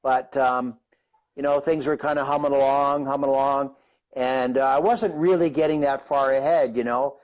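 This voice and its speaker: A man's voice: mid-range voice, fairly even intonation, moderate pace, darkish tone, muffled recording. Rambling Canadian man in his fifties. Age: 50s. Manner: rambling, conversational, peppered with "right?" and "you know". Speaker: guest. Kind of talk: storytelling in a live-streamed interview.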